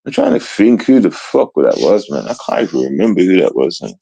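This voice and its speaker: A man ranting to his stream viewers in rough street slang. He keeps asking whether they understand, and he swings between low muttering and high outbursts. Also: wildly swooping pitch, brisk, mellow, dull audio. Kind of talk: livestream rant to viewers.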